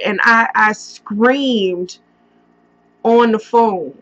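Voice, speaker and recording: A woman telling a painful personal story on a casual storytime vlog, halting often with pauses and fillers as she speaks into a computer mic. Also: medium pitch, creaky, highs cut off. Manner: halting, emotional retelling with many pauses and fillers.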